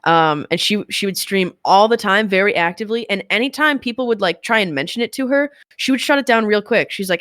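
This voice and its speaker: A woman's voice: medium pitch, brisk, hardly any pauses, a bit bright, dry recording, studio quality. A woman streamer chatting candidly as an interview guest, rambling a little and laughing often. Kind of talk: casual interview chat.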